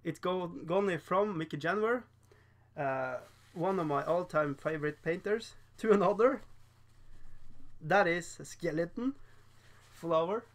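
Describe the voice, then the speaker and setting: Gravelly-voiced man chatting on a livestream. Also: high-pitched, unhurried, long pauses. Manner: rambling, laughs often, reads chat aloud. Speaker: streamer painting miniatures. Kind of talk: casual livestream chat.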